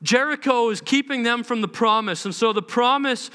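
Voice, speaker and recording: A man's voice: very high voice, moderate pace, pushed and bright, clean tone. A man preaching a live church sermon, earnest and impassioned, acting out prayers and the voices of other people. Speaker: pastor. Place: church service.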